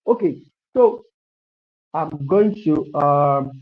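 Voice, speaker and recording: Man, coding instructor, repetitive, encouraging, raised pitch, dull lo-fi sound. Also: animated, very slow. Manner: repetitive, encouraging, thinks aloud while typing. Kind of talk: live online coding lesson. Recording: dull lo-fi stream audio.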